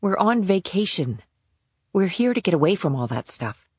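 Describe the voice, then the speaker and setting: A man's voice: sits high, sing-song, normal speed, breathy edge, dry recording, studio quality, pitched above the performer's own voice, heavily acted. A man whispering as a sensible woman agent. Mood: steady. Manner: matter-of-fact, knowing. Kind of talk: whispered role-play.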